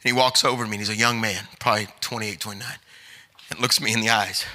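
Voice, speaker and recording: This middle-aged man's fairly low voice is bright and forceful, delivered fast with fairly even intonation. Preaching as an evangelist, he tells stories and works up to emphatic urging, and the sermon carries a long hall reverb.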